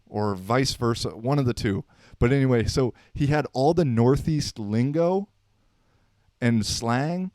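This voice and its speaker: Male podcast host, 30s, relaxed slangy storyteller; smooth, clear voice in a dry room. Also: mid-range voice, no room sound. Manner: laid-back, slangy, rambling with fillers. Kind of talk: unscripted casual storytelling.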